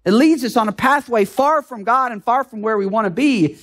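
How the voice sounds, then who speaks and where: A man's voice: very high-pitched, normal speed, fairly bright tone. A male pastor from the United States preaching a sermon in an earnest, conversational way, with frequent rhetorical questions to the congregation.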